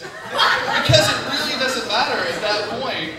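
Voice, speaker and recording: Recorded from across an echoey comedy club amid heavy noise and a laughing crowd, a young Tennessee man stumbles through his debut stand-up set, full of "you know" fillers. His very high voice has lively intonation, yet he doesn't hurry.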